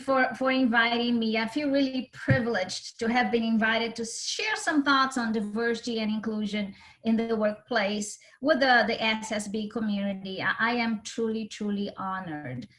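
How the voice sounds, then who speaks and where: A woman's voice: fairly high pitch, a bit bright. A woman from Brazil with a Brazilian Portuguese accent, a guest on a podcast interview explaining her ideas earnestly, sometimes repeating words. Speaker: guest, cultural differences consultant.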